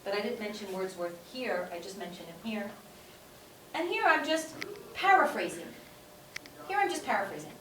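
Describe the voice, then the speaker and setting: A woman with a fairly high voice lectures a class. She repeats her key points and keeps checking in with "okay?". She was recorded from a distance in an echoey classroom with faint background noise. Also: lively intonation, normal speed, long pauses, a bit bright. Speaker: teacher.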